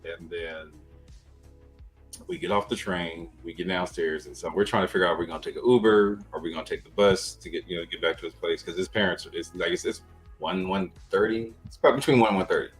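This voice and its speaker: A man's voice: low voice, steady tone, fast, soft background music, low-quality recording. A man hosting a podcast, telling a rambling story in a laid-back, profane, casual way. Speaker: podcast host.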